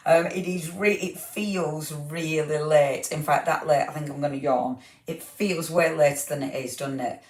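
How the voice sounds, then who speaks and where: Woman, craft stream host, chatty and rambling, slightly low voice, echoey room. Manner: chatty, greets viewers by name, giggly, rambling. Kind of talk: casual livestream chat.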